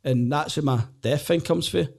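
A man with a Glaswegian accent, a comedian and former soldier, telling animated stories in casual chat and laughing often. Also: a little high, moderate pace, creaky. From Glasgow, Scotland. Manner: animated, laughs often, acts out voices in anecdotes.

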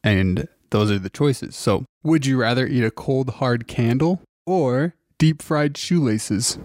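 A man's voice: medium pitch, slow, darkish tone, no room sound, studio quality. A young man in casual chat, squeamish and reluctant, often laughing as he talks. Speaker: blindfolded taste-test participant.

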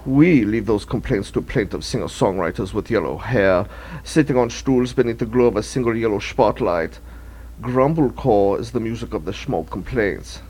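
An actor playing a pompous, pretentious band leader who puts on a fake European accent and talks down to everyone, in a comedy radio sketch. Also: male voice, on the low side, normal speed, darkish tone, breathy edge, rough recording. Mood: lecturing. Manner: supercilious, condescending.

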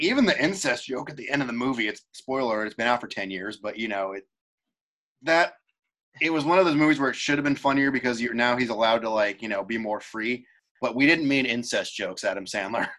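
A man's voice: mid-range voice, fairly quick, a bit bright. A young man co-hosting a casual chat, rambling with frequent restarts and self-interruptions. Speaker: podcast co-host.

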